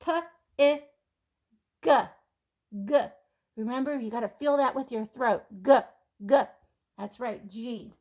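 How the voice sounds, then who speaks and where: A woman teaching kindergarten children phonics, sounding out letters and words slowly and clearly in a patient, encouraging way. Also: a little high, a little mellow. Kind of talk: phonics lesson for young children.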